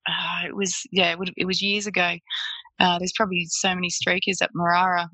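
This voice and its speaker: A woman's voice: on the low side, little pitch movement, brisk, sharp tone, slightly rough, dry recording, rough recording. An Australian woman, a photographer, chatting as an interview guest and telling stories with frequent laughter. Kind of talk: casual storytelling interview.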